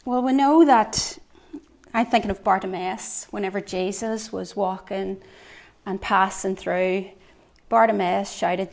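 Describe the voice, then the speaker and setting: A woman giving a devotional sermon, earnest, swinging between soft reflective lines and emphatic ones. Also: medium pitch, normal speed, gravelly. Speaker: preacher.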